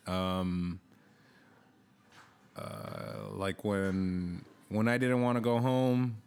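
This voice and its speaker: A young man chatting as a podcast guest, halting and full of fillers. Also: low-pitched, animated, creaky, a little mellow, clean tone. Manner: slow, halting, many fillers. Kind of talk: casual chat.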